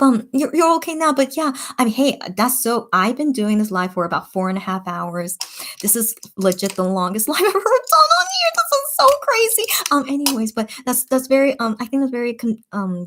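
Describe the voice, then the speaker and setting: A young woman chats her way through a late-night livestream, reading out viewer comments and answering them one by one. Her voice sits a little high, and she talks in loose, casual runs full of fillers and self-corrections. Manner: chatty, lots of fillers and restarts. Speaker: livestream host reading chat. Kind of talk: casual chat.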